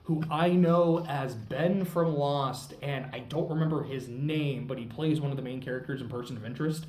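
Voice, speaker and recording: A man's voice: mid-range voice, moderate pace, a little mellow. A young man reviewing a show in a casual, rambling way, full of fillers, laughter and cursing. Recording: roomy echo, mic at a distance.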